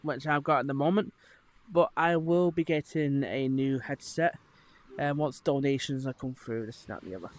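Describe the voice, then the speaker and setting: A man's voice: medium pitch, normal speed. A man chatting casually to his viewers while exploring in a VR headset, rambling with lots of fillers. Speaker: streamer. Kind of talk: casual live-stream chat.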